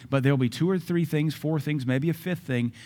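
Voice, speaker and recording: A man's voice: a little high, a little fast, dark tone. A man preaching a sermon as pastor at a church service, emphatic and repeating key phrases.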